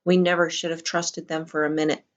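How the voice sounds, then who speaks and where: A woman reads the part of a small boy under a spell, speaking with a cold, bland calm. His words come slowly and reasonably, never rising to anger. It sits a little low for a child. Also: dull audio, natural voice. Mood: eerily calm. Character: boy, the young protagonist's hypnotized little brother, cold and eerily calm.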